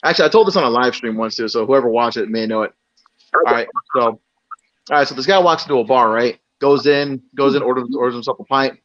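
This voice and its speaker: Young man, crude joke teller, middle pitch, dull lo-fi stream audio. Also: quick pace, a bit bright. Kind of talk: joke telling on a live stream.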